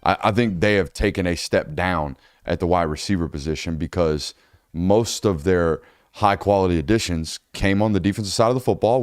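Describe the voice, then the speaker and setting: Low-voiced man hosting a sports talk show. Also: smooth, no room sound, clean studio sound. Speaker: show host.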